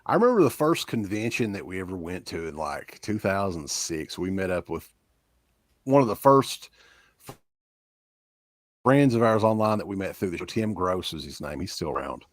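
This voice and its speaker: A man's voice: low-pitched, very animated, normal speed, no room sound. A man from Kentucky with an Eastern Kentucky accent, a podcast guest telling rambling stories in casual chat. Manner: rambling storyteller.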